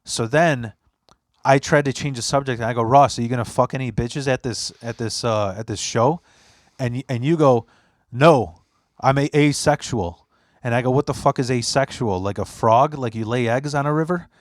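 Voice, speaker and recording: With no echo and clean studio sound, this clip features a young male podcast host speaking fairly quickly in a mid-range voice. He's an animated storyteller in relaxed chat who acts out quotes and swears a lot.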